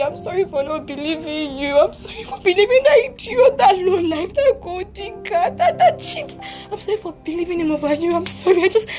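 A woman's voice: high-pitched, a little mellow, voice pushed up. A woman with a Nigerian accent voicing a remorseful older sister who pleads tearfully and keeps apologizing, in a homemade audio drama.

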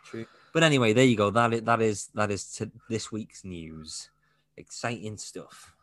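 Male podcast co-host, lowish pitch, dry close sound, loose and jokey. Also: expressive, moderate pace, dry recording. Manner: chatty, joking, rambling asides. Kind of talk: casual film chat.

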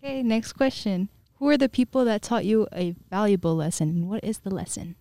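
A woman's voice: medium pitch, fairly quick, gravelly, warm tone, no room sound. A teenage girl hosting a club talk show, leading with plain questions. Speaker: host.

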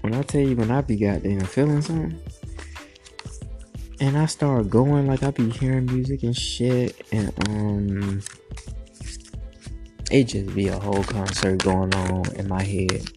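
Over background music, a woman gives a loose, profane, playful tarot reading to her viewers in a casual vlog. She has a bass voice, speaks unhurriedly and pauses often.

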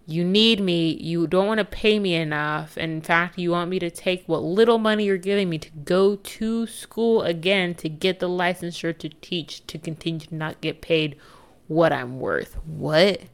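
A young American woman hosts her own solo podcast, chatting candidly and laughing easily. Her voice is on the low side, clean in tone, at a moderate pace.

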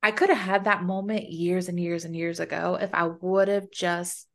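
A woman's voice: lowish voice, flat delivery, normal speed. A woman co-hosting a casual faith podcast, talking in an earnest, open way. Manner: earnest, open, soft when sharing. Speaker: podcast co-host.

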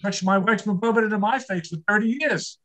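A man's voice: high-pitched, fast, pushed and bright. An older man performing a stand-up comedy set, telling wry, self-deprecating jokes about his marriage.

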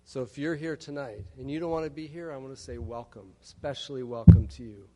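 A man's voice: medium pitch, a little fast, dark tone. A man in his fifties from Texas, telling his recovery story to a meeting with wry, humorous asides. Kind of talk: personal testimony talk. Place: large hall at a conference. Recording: long hall reverb.

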